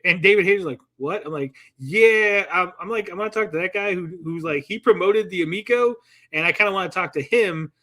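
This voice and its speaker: Man, high-pitched voice, casual livestream chat, rambling, lots of fillers, quotes people in little voices. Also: fast, pushed and bright. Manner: rambling, many restarts and "like" fillers. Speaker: podcast co-host.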